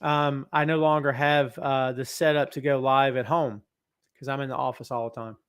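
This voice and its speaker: Smooth and mid-range, with little pitch movement and a normal speed, a man chats with live-stream viewers while hosting a wrestling talk show. He sits in his office at a podcast mic, joking and reading their comments aloud.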